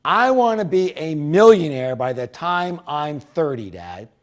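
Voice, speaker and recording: A man's voice: on the high side, very animated, unhurried. A man quoting his young adult son, a university student, who sounds indignant and protesting. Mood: huffy. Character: young male university student, disappointed and huffy.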